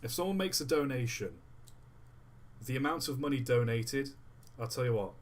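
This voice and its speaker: Man, live streamer, casual rambling chat, distracted, thinking aloud, mid-pitched voice. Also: lively intonation, normal speed.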